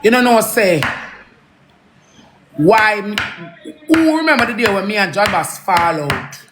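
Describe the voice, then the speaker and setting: A woman's voice: medium pitch, very animated, brisk, noisy background. A woman with a Jamaican accent, ranting angrily, swearing and repeating herself in a heated live rant. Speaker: social media personality.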